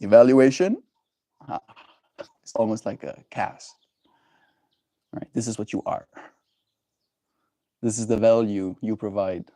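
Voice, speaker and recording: A man hosting a livestream, chatting with viewers and musing slowly and gently about emotions. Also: fairly low pitch, no echo. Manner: gentle, musing, thoughtful pauses. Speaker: livestream host. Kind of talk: reflective livestream chat.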